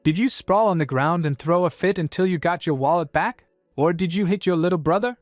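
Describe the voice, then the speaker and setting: A man's voice: high-pitched, brisk, no echo, voice pushed up, lightly acted. Man doing a blunt kind young duke, straightforward, reassuring, storybook recap, dry voice, faint music behind. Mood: questioning.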